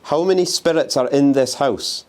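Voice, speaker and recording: A man's voice: medium pitch, moderate pace. A young man vlogging as he explores an abandoned house, talking restlessly and swearing while he taunts the spirits. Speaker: urban explorer and ghost hunter. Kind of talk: handheld exploring vlog. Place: abandoned house on a windy day.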